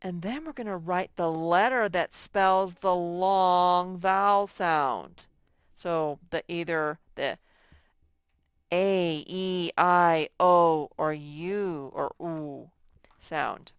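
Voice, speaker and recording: A woman's voice: fairly low pitch, smooth, no room sound, studio quality. A woman teaching a recorded phonics lesson to first graders, patient and spelling things out word by word. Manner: slow, patient, drawn-out word by word.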